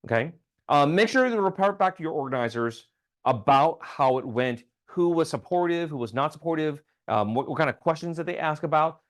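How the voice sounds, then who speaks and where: A man's voice: a little high, animated, fairly quick. Man giving a casual how-to talk. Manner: conversational, frequent ums and restarts, checks in with "okay?". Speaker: state legislator giving advocacy training. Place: town hall meeting.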